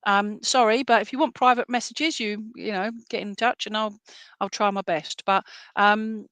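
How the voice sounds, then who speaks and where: A woman's voice: medium pitch, fairly even intonation, moderate pace, a bit bright, no echo. A woman giving a clairvoyant reading at an online church service. She rambles in a chatty way, makes self-deprecating asides and keeps checking in with "all right?". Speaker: medium.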